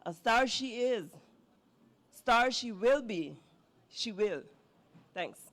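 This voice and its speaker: A woman performing her own poem at an open mic, speaking slowly. She is hesitant and laughs through her introduction, then recites in a measured way. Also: fairly high pitch, lively intonation, fairly bright tone, slight background noise. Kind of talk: poetry reading with a chatty intro.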